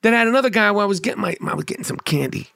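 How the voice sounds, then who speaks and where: A man with a notably high speaking voice rants about sports, blunt, sarcastic and full of curses. He trips over repeated words as he pushes his points. The sound is close and dry, with no room echo. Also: racing, creaky, a bit bright, smooth. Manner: heated, blunt and sarcastic, with repeated stammered restarts. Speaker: comedian. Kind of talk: profane sports rant.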